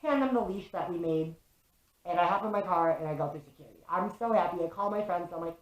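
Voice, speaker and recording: A young woman vlogger recounting a story straight to camera, animated and loose-tongued, swearing and peppering her talk with "like." Her voice sits a little low for a woman. The room around her rings with echo. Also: quick pace. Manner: animated, swears often, fills with "like". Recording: echoey room.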